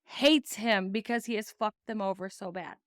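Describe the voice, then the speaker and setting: An American woman hosts a podcast, delivering angry, swear-filled political commentary and reading news excerpts aloud. Her mid-range voice moves at a moderate pace, recorded dry with studio quality.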